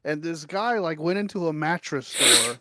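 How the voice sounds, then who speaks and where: A man co-hosting a casual talk stream, telling stories in an animated way and swearing often. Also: a little high, moderate pace, very noisy. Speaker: co-host. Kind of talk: casual chat.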